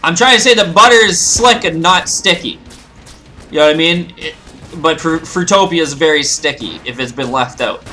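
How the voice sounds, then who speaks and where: A man's voice: fairly high pitch, moderate pace, bright, forceful tone, faint music behind. A man giving casual, rambling, joking commentary as he plays a video game. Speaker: let's play host.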